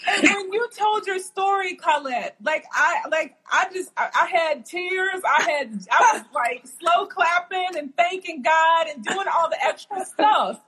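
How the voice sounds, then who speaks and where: A woman hosting a podcast interview, gushing and excited as she talks to her guest. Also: very high voice, a little slow, hardly any pauses. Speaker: podcast host. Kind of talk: casual interview chat.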